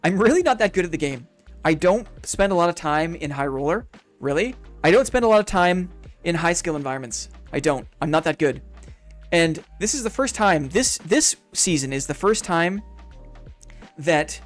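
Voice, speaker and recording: Upbeat high-voiced male game streamer. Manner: upbeat, reflective, chatty. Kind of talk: casual live-stream chat.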